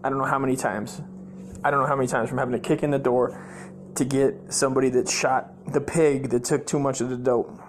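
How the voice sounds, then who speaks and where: A man's voice: mid-range voice, steady tone, fairly quick, a little hiss or hum. A man hosting his own comedy podcast, telling profane, rambling stories full of fillers and restarts. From United States.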